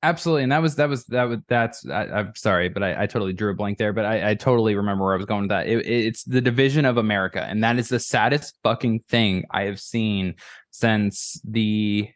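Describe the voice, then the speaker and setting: A man's voice: lowish voice, fast, no echo, clean studio sound. A man on a podcast as a guest, chatting casually and rambling profanely about politics with many restarts.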